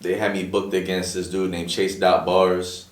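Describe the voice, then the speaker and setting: Deep-voiced guy cussing and telling stories, sounds kinda far off in an echoey room. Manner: fast, profane street talk, animated storytelling. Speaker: battle rapper guest. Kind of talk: casual podcast interview. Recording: echoey room, distant from mic.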